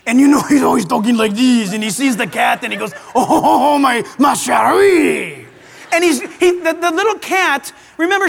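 High-voiced animated preacher man in a hall. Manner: animated preaching with playful asides to a live audience. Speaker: pastor. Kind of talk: sermon. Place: large auditorium.

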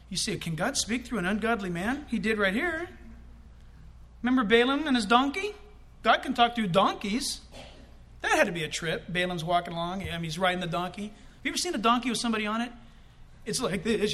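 A male pastor delivering an animated, conversational sermon in a church, with quick asides to the congregation. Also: high voice.

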